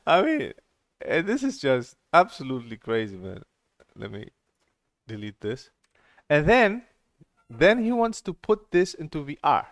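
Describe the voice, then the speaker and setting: A man's voice: fairly high pitch, huge pitch swings, unhurried, long pauses, fairly bright tone, no room sound, studio quality. Exasperated man ranting over a screen recording. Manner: exasperated, sarcastic, swears, mimics the instructor. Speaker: online course reviewer. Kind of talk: casual screen-recorded rant.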